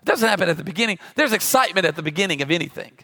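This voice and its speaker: Casting note: male pastor, 40s, high bright tenor with some gravel, comic storyteller turned preacher. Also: expressive, very fast. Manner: humorous storytelling with sound effects. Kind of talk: sermon.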